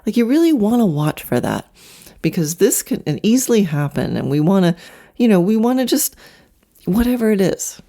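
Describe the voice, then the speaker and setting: A middle-aged woman hosting a solo podcast about horse training, chatty and animated. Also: mid-range voice. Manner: chatty, animated, slips into quick mock demos.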